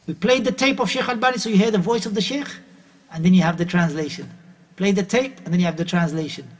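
A middle-aged man giving an Islamic lecture, emphatic and repeating his points. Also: high voice. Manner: emphatic, repeats phrases, uses Arabic terms. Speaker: Islamic preacher.

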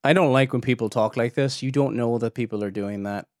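A man hosting a podcast, giving pointed, animated critical commentary with rhetorical questions. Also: mid-range voice, a little fast, no room sound, clean studio sound. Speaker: podcast host reviewing a preacher's clips.

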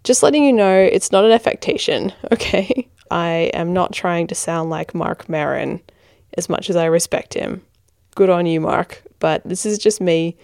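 A young woman with a hybrid American-Australian accent hosts her podcast from a blanket fort in her bedroom, tired but giggly and sassy. Her voice sits a little low and mellow. The sound is dry and close. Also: normal speed, creaky, clean tone, no room sound. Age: 20s. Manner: giggly, self-deprecating, sassy. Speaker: podcast host. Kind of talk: casual podcast monologue.

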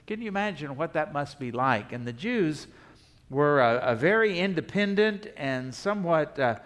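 A male pastor delivers a sermon conversationally, posing rhetorical questions to the congregation and speaking in the imagined voices of the people. His voice is a little high with a fairly bright tone.

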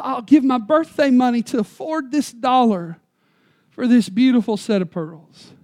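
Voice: medium pitch, clear, resonant tone. Dramatic folksy preacher telling a story. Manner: dramatic, swinging from loud emphasis to quiet near-whispers, slowing on key words. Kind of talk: sermon storytelling.

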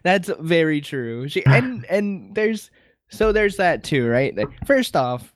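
Lively animated man on a podcast. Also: on the high side, slow, no echo, studio quality. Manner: laughs often, animated delivery. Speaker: podcast co-host. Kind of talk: casual chat.

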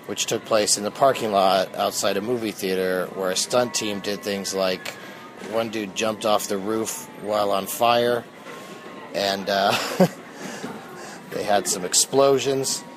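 A man with a fairly low voice hosts a casual solo podcast. He jokes in a dry, offhand way. Steady airport noise runs clearly behind him. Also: slow pace. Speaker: podcast host. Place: airport terminal, seated in a massage chair. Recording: noisy airport background. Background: airport ambience.

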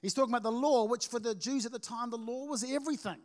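A man with a notably high voice preaches to his church, telling stories with lots of energy. He keeps restarting his sentences as the thoughts tumble out. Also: quick pace. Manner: storytelling, energetic with frequent restarts. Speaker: pastor. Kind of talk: sermon. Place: church service.

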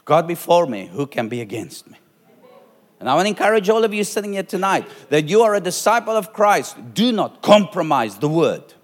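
A middle-aged male pastor preaching to his congregation in a slightly high voice, hammering each point with repetition. His words ring out with a long reverb from the church hall around him. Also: very animated, a little fast. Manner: emphatic preaching with repeated phrases and rising force. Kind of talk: sermon.

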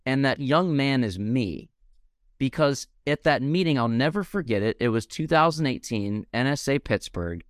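A man's voice: mid-range voice, expressive, moderate pace, dry recording, studio quality. A young man hosting a podcast interview, speaking with passion and heartfelt gratitude. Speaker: podcast host.

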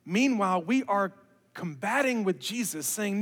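A man preaching a sermon as pastor, animated and building to emphatic peaks. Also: sits high, normal speed. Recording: reverberant hall with music underneath.

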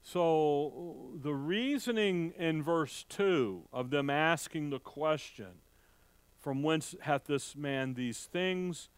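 A man preaching verse by verse in a conversational way, reading old scripture slowly and acting out the crowd's reactions in a raised voice, with halting restarts. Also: lively intonation, clean tone, no room sound. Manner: conversational, acts out the townspeople's voices with rising pitch. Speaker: pastor. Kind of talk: sermon, verse-by-verse Bible teaching.

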